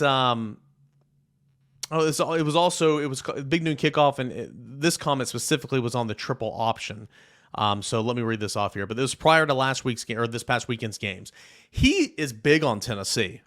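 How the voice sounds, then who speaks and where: A man hosting a college football podcast, talking casually and with strong opinions, jumping between loud jabs and quiet muttered asides. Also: mid-range voice, animated, moderate pace. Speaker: podcast host. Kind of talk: casual sports podcast talk with a read ad.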